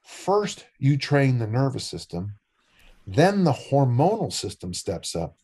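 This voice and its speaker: Husky older man, joking storyteller. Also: mid-range voice, sing-song, slow pace, warm tone. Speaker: strength coach and discus coach. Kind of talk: podcast interview.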